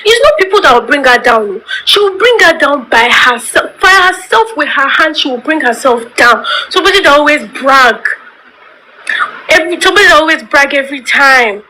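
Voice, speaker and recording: Impassioned high-voiced Nigerian woman ranting. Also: animated, brisk, bright, forceful tone, a little hiss or hum, poor audio. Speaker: social media commentator. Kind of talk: emotional vlog rant.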